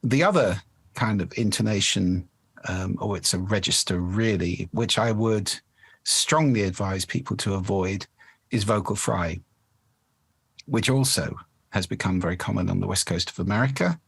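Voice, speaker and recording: A man's voice: sits low, moderate pace, creaky, slightly rough, no room sound. A man, a voice expert explaining speaking habits in a podcast interview. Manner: articulate, explanatory, demonstrates voice effects.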